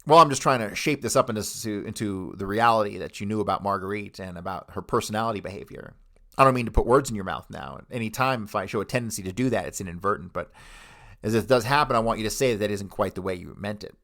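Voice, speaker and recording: A man's voice: lowish voice, fast, pushed and bright. A man reading aloud the part of a Midwestern male lawyer who asks formal, probing questions. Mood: explaining. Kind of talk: reading testimony transcript aloud.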